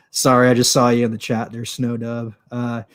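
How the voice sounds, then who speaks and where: A man hosting his own show on a livestream, talking casually in a rambling, profane way with lots of fillers, into a desktop microphone with a pop filter. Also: medium pitch. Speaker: show host. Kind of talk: casual solo commentary.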